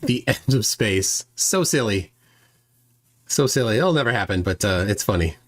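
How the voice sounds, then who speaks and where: A man's voice: on the low side, lively intonation, normal speed. A man co-hosting a casual livestream, amused and exclaiming, often dismissive.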